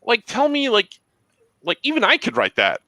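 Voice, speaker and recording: A man's voice: very high voice, huge pitch swings, moderate pace, pushed and bright, no room sound, rough recording. A man co-hosting a podcast, frustrated, often restarting his sentences with stammers in casual chat. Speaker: podcast co-host.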